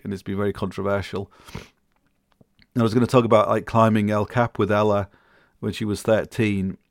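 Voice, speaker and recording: A man's voice: lowish voice, creaky, a little mellow, no room sound, studio quality. A middle-aged man rambling casually as a podcast host, full of restarts and fillers, chuckling now and then.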